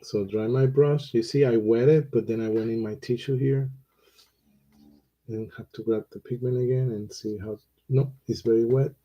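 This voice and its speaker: A man teaching watercolor, talking through his painting in a relaxed, unhurried way with pauses and fillers. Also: mid-range voice, lo-fi sound. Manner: slow, thinking aloud while he paints, with pauses and fillers.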